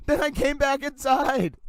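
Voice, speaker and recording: A young man hosting a casual livestream, chatty and excitable, rambling and wired from caffeine. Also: very high-pitched, takes it slowly, dry recording, low-quality recording. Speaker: livestream host.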